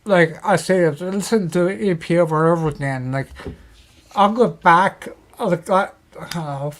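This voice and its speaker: A man, a guest on a talk show, telling paranormal stories in casual chat, animated and acting out quotes. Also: high voice, normal speed. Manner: animated storyteller, acts out quotes.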